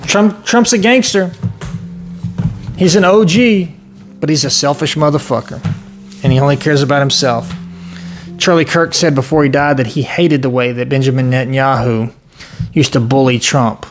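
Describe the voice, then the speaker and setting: A man hosting an online show, delivering a heated, profane, shouting solo rant. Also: medium pitch, moderate pace, pauses often, music in the background.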